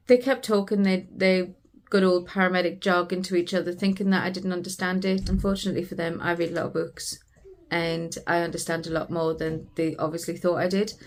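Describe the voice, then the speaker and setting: A British woman recounts a family story in an earnest, heartfelt vlog. Her voice sits a little low and stays fairly flat in pitch, with little rise and fall. She talks in a personal storytelling way. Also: normal speed. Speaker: family vlogger.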